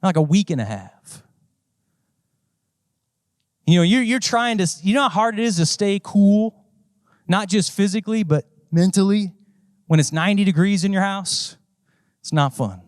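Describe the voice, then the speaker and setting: High-voiced man preaching, dry and close. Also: expressive, normal speed, pauses often, a little mellow, smooth, no room sound. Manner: conversational preaching with sweeping pitch swings and repeated phrases. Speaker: pastor. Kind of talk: sermon.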